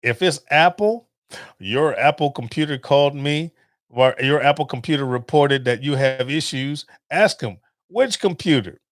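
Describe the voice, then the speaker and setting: Recorded dry in a clean studio, this man speaks at a normal speed in a mid-range voice. He hosts a podcast and chats casually through a monologue, telling stories with laughs and lively acted-out phone calls.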